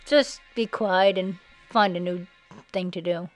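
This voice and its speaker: A woman giving sarcastic, mocking commentary over a slideshow, now and then breaking into shrill put-on voices. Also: a little fast, low-quality recording. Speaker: video narrator. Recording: faint background music.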